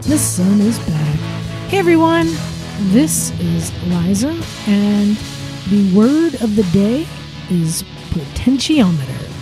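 A woman hosting a casual chat show from a garage studio, bubbly and quick to laugh. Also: medium pitch, very animated, music in the background. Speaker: podcast host.

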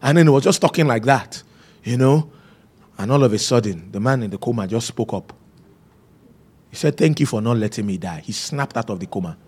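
A man's voice: medium pitch, fairly quick, long pauses, darkish tone, husky. A man preaching a sermon, telling stories and repeating key phrases for emphasis. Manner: storytelling, emphatic repetition.

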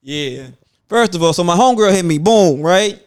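A man's voice: high voice, expressive, normal speed, clean tone. A man co-hosting a casual podcast, telling stories in loose slang with mock outrage. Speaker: podcast co-host.

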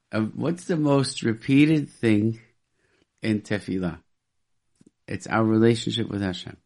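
A man speaking on a radio talk show as a guest. He talks earnestly, repeats phrases and restarts his sentences often. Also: medium pitch. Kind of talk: casual radio talk, teaching.

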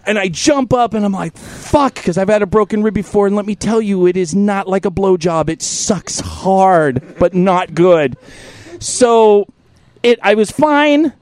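A man's voice: high voice, unhurried. A man hosting a podcast, telling a profane comedic story with lots of laughter, sore and tired from an injured rib. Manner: profane, animated, laughs through his story. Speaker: podcast host.

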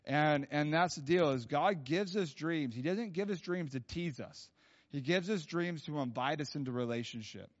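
Heard in a church hall through dull audio and long reverb, a man with a somewhat high voice preaches at a moderate pace. His sermon unfolds as loose, rambling storytelling, thick with fillers and false starts.

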